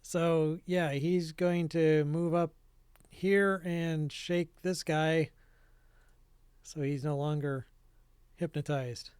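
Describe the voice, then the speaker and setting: A man with a high voice runs a tabletop session, talking slowly and easily and pausing on fillers. His sound is dry and close, with no room around it. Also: clean tone, no echo. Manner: relaxed narration with frequent fillers and laughs. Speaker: game master. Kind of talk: running a tabletop game.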